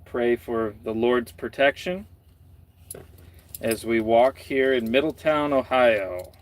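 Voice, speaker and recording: A man's voice: medium pitch, takes it slowly. A man talking casually on a live stream from his parked truck at night, rambling with dry, self-mocking asides.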